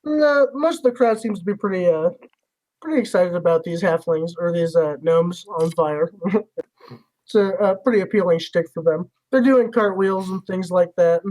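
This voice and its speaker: A man's voice: high voice, normal speed, a little mellow, poor audio. A man narrating a tabletop game as game master in a loose, rambling way, full of fillers.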